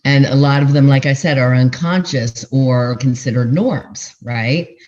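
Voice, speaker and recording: An older woman relationship coach explaining her methods to podcast hosts, telling stories animatedly with pitch jumps for emphasis. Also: measured pace, a little mellow. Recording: dull, muffled sound.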